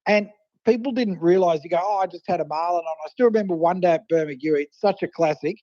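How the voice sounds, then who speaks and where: High-voiced Australian man on the phone. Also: quick pace, dry recording. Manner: animated anecdotes, acting out quoted voices. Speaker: guest fishing writer and photographer. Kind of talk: casual storytelling over the phone. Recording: muffled phone line.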